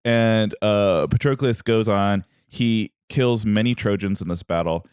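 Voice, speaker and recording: A man's voice: lowish voice, measured pace, darkish tone, smooth, dry recording, studio quality. A man hosting a comedy podcast, retelling a myth in a rambling, joking way with many fillers. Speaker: podcast host, myth storyteller.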